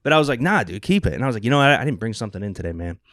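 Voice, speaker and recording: Animated young man telling stories. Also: mid-range voice, very fast, no room sound, studio quality. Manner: animated storyteller, acts out quotes, swears casually. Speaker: social media producer and podcast regular. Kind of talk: casual podcast chat.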